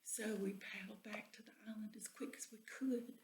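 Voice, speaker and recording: A woman's voice: mid-range voice, fairly even intonation, moderate pace. Whispery woman telling a folksy story. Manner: drops often into a breathy whisper. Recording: echoey room.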